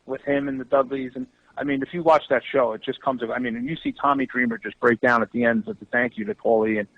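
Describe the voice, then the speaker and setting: A man telling stories in a casual podcast chat, animated and loose, swearing freely as he goes. His voice sits at a middle pitch and sounds dry and close. The recording is a little dull and lo-fi. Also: quick pace, vocal fry, no room sound. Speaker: wrestling promoter guest.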